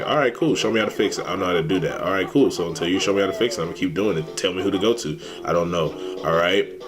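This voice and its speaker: A young man streaming games, ranting in a casual, animated way, swearing and exasperated. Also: deep voice. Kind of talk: casual rant while gaming.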